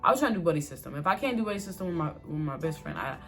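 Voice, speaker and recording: A young woman vlogger telling a casual storytime, animated and full of fillers, quoting herself and others as she goes. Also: sits low, very fast, soft background music. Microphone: phone or camera mic.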